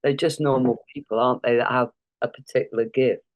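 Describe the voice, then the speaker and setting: A man's voice: mid-range voice, steady tone, brisk. A man hosting a podcast interview, friendly and agreeable, chiming in and laughing along. His voice sits in a plain middle range. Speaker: podcast host. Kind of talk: casual interview questions.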